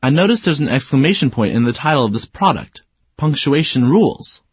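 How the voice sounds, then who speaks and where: A man's voice: medium pitch, lively intonation, a little fast, breathy edge, no room sound. Playful man in a scripted lesson. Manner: playful, mock-exasperated. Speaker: student in an educational video. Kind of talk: scripted educational dialogue.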